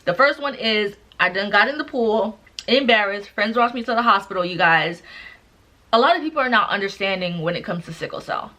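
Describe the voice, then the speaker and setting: A woman's voice: mid-range voice, lively intonation, brisk, pushed and bright. A young woman vlogger telling a personal story in a chatty way, often calling the viewers "y'all" and "you guys". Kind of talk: casual storytelling to camera.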